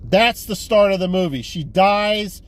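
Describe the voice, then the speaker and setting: A man's voice: high voice, measured pace. A man giving a casual movie haul review, rambling and swearing as he retells a plot. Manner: rambling, profane, animated retelling. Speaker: movie collector vlogger.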